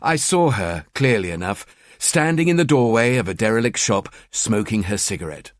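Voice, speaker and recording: A man narrating a crime thriller audiobook in the first person, with a cold, measured delivery. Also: on the low side, expressive, dry recording, clean studio sound.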